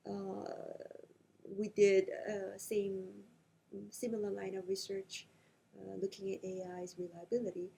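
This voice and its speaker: A woman researcher speaking in a conversational interview, talking in animated quick bursts with frequent hesitations. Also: mid-range voice, gravelly, husky, rough recording. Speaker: invited lecturer being interviewed. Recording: faint background noise.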